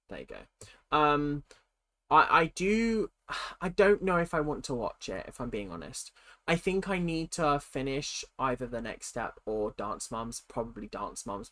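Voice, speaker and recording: A young man chats casually on a livestream. He has a cold, and he reads viewer questions out loud and answers them frankly at an everyday pitch. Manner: chatty and candid, answering questions as they come. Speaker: streamer.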